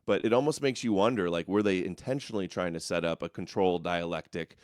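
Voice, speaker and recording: A man's voice: deep voice, fast, a little mellow, clear, resonant tone, no echo, studio quality. A man hosting a talk show, speaking bluntly and emphatically in casual conversation. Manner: blunt and emphatic, stacks up labels. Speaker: podcast host.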